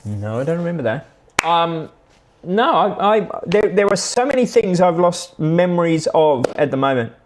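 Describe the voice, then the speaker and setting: A man, hosting a live stream and chatting casually with viewers in a rambling, halting way. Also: on the high side, big pitch swings, a little hiss or hum. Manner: rambling, halting, with many restarts. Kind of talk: casual chat answering viewers.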